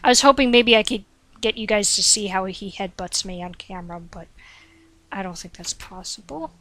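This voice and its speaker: A woman's voice: medium pitch, normal speed, fairly bright tone. A woman giving rambling, digressive commentary while playing a game at home, talking to her cat now and then into a desk microphone. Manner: chatty, digressive, frequent "like" and "um"; talks to her cat between game remarks. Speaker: gaming commentator. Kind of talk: rambling let's-play commentary.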